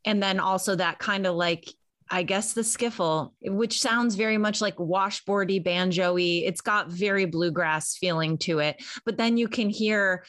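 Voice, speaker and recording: Woman, podcast co-host, chatty and playful, mid-pitched, close dry recording. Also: measured pace, a bit bright, no echo. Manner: chatty, playful, thinks aloud with many fillers. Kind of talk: casual music chat.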